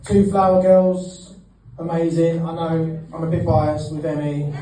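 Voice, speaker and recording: A man's voice: fairly high pitch, flat delivery, a little slow, dark tone, soft background music. A man giving a joking best man speech at a wedding, teasing the groom and laughing between lines. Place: wedding reception hall. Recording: echoey hall, mic at a distance.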